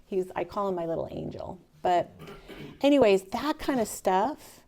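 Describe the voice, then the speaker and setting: A woman telling an emotional personal story to a live audience, animated and swinging from loud to near-whisper. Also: mid-range voice, normal speed. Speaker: speaker telling her real estate story.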